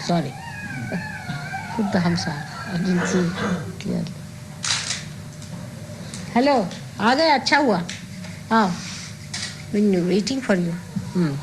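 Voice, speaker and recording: A woman's voice: medium pitch, wildly swooping pitch, measured pace, long pauses, noisy background. An older woman speaking as a spiritual teacher, giving an emphatic talk to an audience and repeating key phrases.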